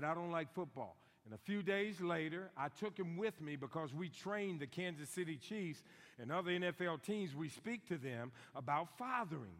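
A middle-aged man preaching a sermon in a church, emphatic and repeating key lines slowly for stress. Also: on the high side, a bit bright. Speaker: guest preacher on fathering. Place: church sanctuary. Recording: long hall reverb.

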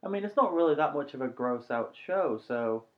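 A man's voice: mid-range voice, lively intonation, a little fast. Dry-voiced man in an echoey room. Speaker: podcast co-host. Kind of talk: casual chat reviewing a cartoon episode. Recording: muffled recording in a roomy space.

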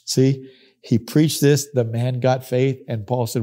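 A man's voice: mid-range voice, fairly even intonation, measured pace, mellow. A middle-aged man teaching a sermon on Bible verses, emphatic, repeating key phrases and acting out the people he quotes.

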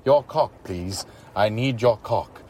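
A man voicing an eager young woman who pleads in a breathy way. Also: medium pitch, very animated, moderate pace, darkish tone, slight background noise, lightly acted. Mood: pleading.

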